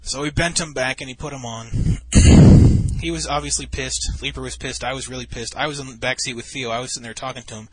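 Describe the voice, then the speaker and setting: A man's voice: medium pitch, fairly even intonation, fairly quick, a little mellow, poor audio. A man commentating over a game replay, telling a rambling, profane story in a casual way, full of restarts.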